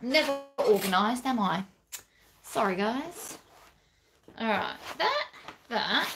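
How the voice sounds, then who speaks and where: A woman's voice: on the high side, animated, slow pace, pauses often, echoey room, background noise. A woman giving a chatty, self-deprecating craft tutorial while she works.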